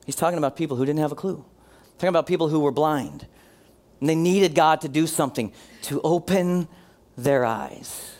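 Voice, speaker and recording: A man preaching a sermon as pastor, earnest, slowing down and dropping his voice for emphasis, and leading the congregation in responses. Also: on the high side, a little mellow. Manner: leads the congregation in call-and-response.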